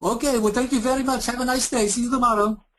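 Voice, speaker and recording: A man voicing an impatient male call-center agent in a bad put-on Indian accent, rushing his words in a customer service role-play. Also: extremely high pitch, fairly even intonation, a bit bright, voice pushed up. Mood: dismissive. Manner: rushes words and brushes the caller off.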